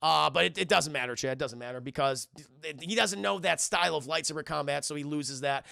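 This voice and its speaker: Brief: high, bright, gravelly male streamer, profane and animated, breaking down a film for chat. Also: brisk, dry recording. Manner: animated, profane, acts out scenes. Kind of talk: livestream film review chatting with viewers.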